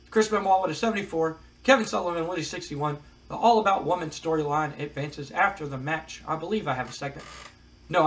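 A man's voice: on the high side, a bit bright, low-quality recording. A man casually recapping a wrestling management game, reading out match scores with wry asides. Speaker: game commentator. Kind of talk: casual play-by-play of a wrestling sim.

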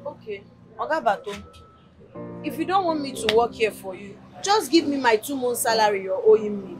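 A woman's voice: on the high side, expressive, normal speed, over music, lightly acted. A woman playing a desperate young Nigerian worker. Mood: pleading. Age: young adult. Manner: pleading, begging. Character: desperate young female shop worker, pleading.

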